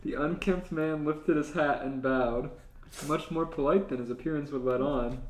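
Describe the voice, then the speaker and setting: A man reading fanfiction aloud on a comedy podcast at an everyday pitch. The sound is roomy, with a clear echo. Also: steady tone, normal speed, slight background noise. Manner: reads aloud, often laughing. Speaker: podcast co-host.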